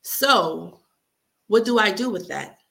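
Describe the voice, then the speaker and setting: A woman's voice: mid-range voice, lively intonation, takes it slowly, vocal fry, fairly bright tone. A young adult woman reading aloud a heartfelt letter she wrote, speaking earnestly and with emotion. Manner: earnest, heartfelt, near tears at times. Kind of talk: emotional spoken-word reading.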